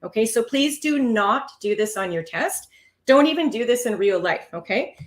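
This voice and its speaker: A woman's voice: a little high, expressive, normal speed. A woman teaching test preparation in a live online session, explaining patiently and stressing key words.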